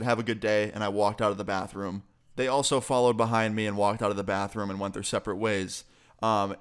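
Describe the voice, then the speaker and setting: A man's voice: medium pitch, a bit bright, smooth. A man vlogger telling a story in a casual, conversational way with plenty of swearing. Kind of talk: storytime vlog.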